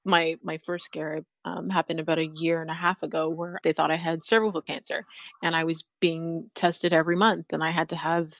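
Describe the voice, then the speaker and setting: A woman's voice: low-pitched, level tone, brisk, vocal fry, dry recording. A woman hosting a podcast in casual interview chat, earnest and openly emotional, laughing often. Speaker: podcast host.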